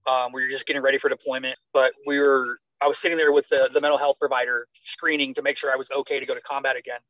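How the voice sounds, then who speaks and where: Animated American man telling his story. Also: mid-range voice, fast, no echo. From United States. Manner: animated, acts out quoted dialogue. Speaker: guest, retired army medic. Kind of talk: conversational storytelling interview. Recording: slightly dull dry sound.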